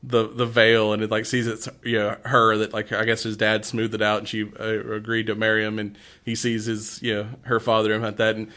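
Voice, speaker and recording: A man's voice: lowish voice, monotone, brisk, hardly any pauses, bright, forceful tone. A middle-aged man chatting casually about a movie, retelling scenes in voices and laughing often. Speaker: movie podcast co-host. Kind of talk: casual chat.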